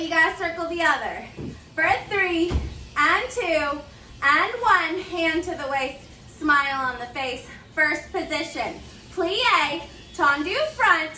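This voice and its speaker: A young female barre instructor with a very high voice calls out moves and counts in an unhurried, upbeat way, slightly winded from the workout. Her bright tone rings around a roomy studio, picked up from away from the mic. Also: distant mic, slight background noise. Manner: upbeat cueing, counting down, chatty asides. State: slightly out of breath. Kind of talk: counting through a live workout class.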